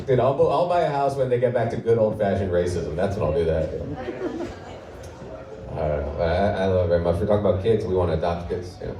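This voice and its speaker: Deep-voiced and quick, a man in his thirties from Portland, Oregon performs stand-up before a live club audience with offhand, self-mocking wit. Crowd noise and laughter fill the roomy recording, taken from a distance.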